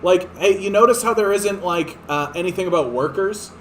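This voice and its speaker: A man rants about politics in a sarcastic, exasperated tone, swearing freely. His voice sits fairly high for a man. A faint hiss runs under the recording. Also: moderate pace, a bit bright. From Canada. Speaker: political commentator. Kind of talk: ranting political commentary.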